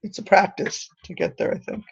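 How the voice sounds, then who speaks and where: A man student sharing in a class discussion, halting with many fillers. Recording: dull lo-fi recording.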